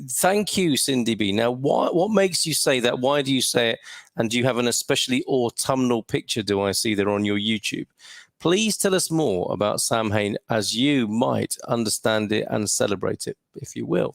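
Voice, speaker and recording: A man's voice: mid-range voice, vocal fry, no room sound. A man from the UK hosting a casual livestream from his home studio, greeting viewers and chatting with many hesitations. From United Kingdom. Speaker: livestream host. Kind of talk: casual livestream chat reading viewer comments.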